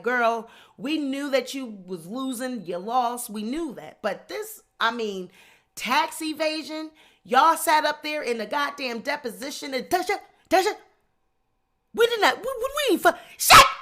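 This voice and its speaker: Woman gossip host; a very high, bright voice; blunt and slangy. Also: lively intonation, measured pace. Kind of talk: casual commentary.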